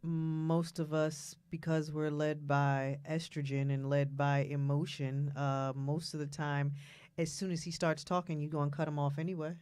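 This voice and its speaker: A woman's voice: low voice, level tone, moderate pace, darkish tone, clear, resonant tone, no room sound. A woman co-hosting a casual talk show, speaking frankly, often laughing and acting out quotes. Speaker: co-host.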